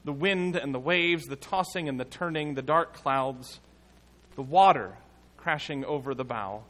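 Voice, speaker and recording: A man preaching a sermon as pastor, in a measured, emphatic way with dramatic pauses. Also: medium pitch, a bit bright.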